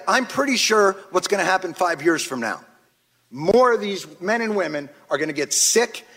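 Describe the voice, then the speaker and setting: A man delivers impassioned, angry testimony to a hearing, pressing each point with force. His voice sits a little high for a man. The long reverb of a large chamber trails behind his words. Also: a bit bright. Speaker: witness testifying at a congressional hearing.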